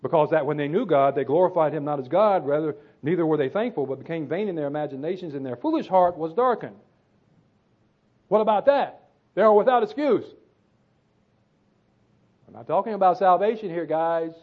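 A man's voice: on the high side, fast, few pauses. A man preaching a sermon, reading scripture and repeating phrases for emphasis. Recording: tinny phone-like sound.

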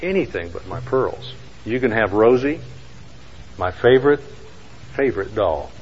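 A man's voice: medium pitch, moderate pace, lo-fi sound, slight background noise, natural voice. A man voicing a pleading little girl. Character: pleading five-year-old girl clinging to her toy.

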